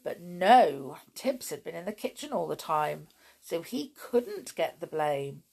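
A middle-aged woman reading a children's story aloud and chatting cosily with young listeners in a lively, friendly way. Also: fairly low pitch, measured pace, creaky, husky.

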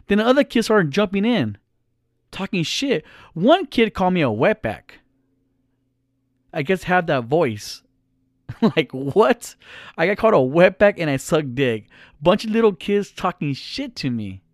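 A man's voice: high voice, big pitch swings, moderate pace, dry recording, clean studio sound. A middle-aged man vlogging in a blunt, profane, heated rant straight to his viewers. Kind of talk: casual ranting monologue.

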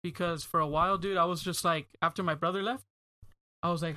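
A man's voice: a little high, steady tone, a little fast, bright, forceful tone, no room sound, clean studio sound. A young man hosting a podcast in casual chat, rambling and filling his talk with "like" and "dude". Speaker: podcast host.

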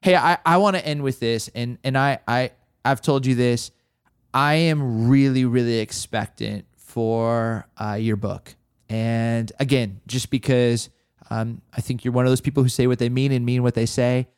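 A man in his forties hosting a podcast, an animated storyteller who restarts his sentences often. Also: mid-range voice, normal speed, smooth, dry recording, clean studio sound. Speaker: podcast host. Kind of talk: casual conversation.

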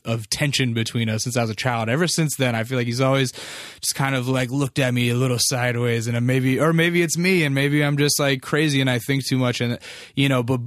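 A man's voice: medium pitch, a bit bright, no echo, clean studio sound. Candid man telling a family story. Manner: loose and candid, filler-heavy, swears freely. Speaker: vlogger. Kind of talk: casual personal storytelling.

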